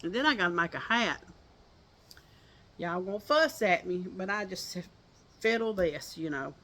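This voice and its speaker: A crochet vlogger, an older woman with a Southern accent, laughs often as she chats folksily to viewers from a porch outdoors. Her fairly low voice swings widely in pitch, sounding pushed and bright at a moderate pace.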